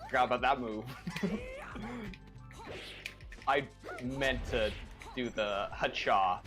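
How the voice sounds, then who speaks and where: Man, casual gameplay chat, teasing, slow-spoken, music playing. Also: mid-range voice. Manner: teasing, laughing.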